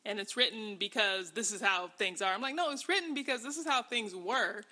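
A woman's voice: medium pitch, brisk, pushed and bright. A woman hosting a podcast in casual conversation, wry and dry in tone. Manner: wry, mocking quoted lines. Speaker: podcast host. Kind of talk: casual critical chat.

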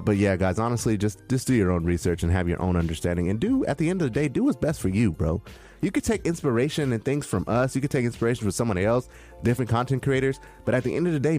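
A man co-hosting a casual crypto talk show, talking in an animated, preachy way and acting out quotes in a raised voice. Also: medium pitch. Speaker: crypto podcast co-host. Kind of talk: casual chat.

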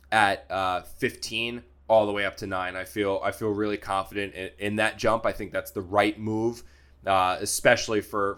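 A young man co-hosting a sports podcast, chatting casually, often repeating words and getting animated when he argues his point. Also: lowish voice. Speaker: sports beat writer and podcast co-host.

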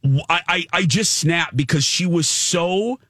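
A man's voice: a little high, a little slow, no room sound, clean studio sound. A man telling a story in casual podcast chat, acting out the people he quotes. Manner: animated, dramatic storyteller who acts out quotes.

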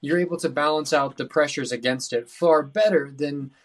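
A man with a slightly high voice talks casually on a podcast. He wanders through his ideas and often restarts sentences midway. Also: normal speed.

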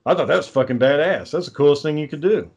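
A man's voice: on the high side, fast talker, darkish tone, husky. A man ranting sarcastically and swearing constantly in a casual conversation. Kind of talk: casual profane chat.

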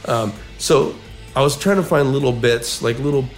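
A man's voice: mid-range voice, moderate pace, faint music behind. A man co-hosting a casual podcast, telling a long story and often repeating words as he goes. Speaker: podcast co-host.

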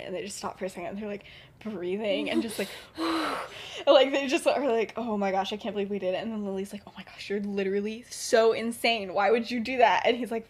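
A young woman casually retelling a story on a podcast, full of fillers and acted-out lines. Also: on the high side. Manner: rambling, filler-heavy, acts out characters with laughs. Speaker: podcast co-host.

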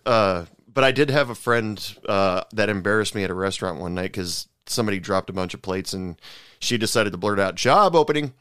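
Low, smooth-voiced man chatting casually. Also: fairly even intonation, fairly quick, fairly bright tone, no room sound, clean studio sound. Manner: rambling, many fillers and restarts, laughs often. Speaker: podcast co-host, former server. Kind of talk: casual chat.

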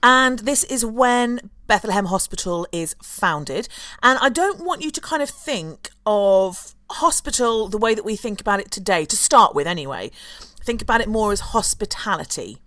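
A woman's voice: medium pitch, lively intonation, normal speed, a bit bright, no echo. A woman co-hosting a casual history podcast, laughing often as she talks. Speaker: podcast co-host. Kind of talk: casual chat.

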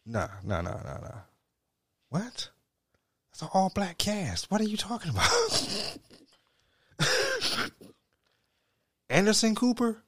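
Rambling man with a lively pitch. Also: takes it slowly, pauses often, husky. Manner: laid-back, rambling, stammers and laughs often, profane. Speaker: podcast co-host. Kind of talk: casual banter.

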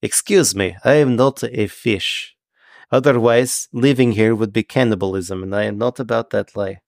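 A man voicing an odd, formal male Triton prisoner who speaks stiffly and slowly, without contractions. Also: on the low side, gravelly, a little mellow, dry recording, studio quality. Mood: deadpan. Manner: stilted formal speech without contractions, slow.

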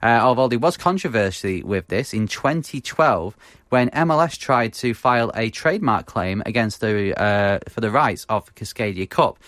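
Man, from the UK, podcast co-host, casual football chat, halting with fillers, dry close recording. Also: on the low side, expressive, a bit bright, no room sound. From United Kingdom. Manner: halting, many fillers, laughs at own mispronunciations.

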